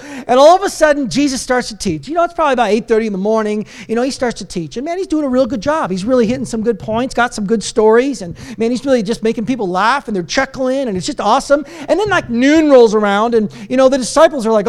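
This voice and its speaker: A man with a strikingly high voice preaches in a church. He tells the story casually and with energy, full of fillers and restarts. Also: quick pace. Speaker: pastor. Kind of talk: sermon.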